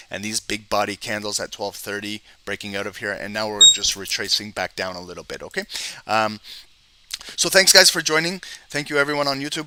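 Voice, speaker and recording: Man, trading stream host, very bright tense voice, dry close sound, fast excited talk. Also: mid-range voice, clear, resonant tone, no room sound. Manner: fast-talking, excited, frequent "okay?" check-ins. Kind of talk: live market analysis stream.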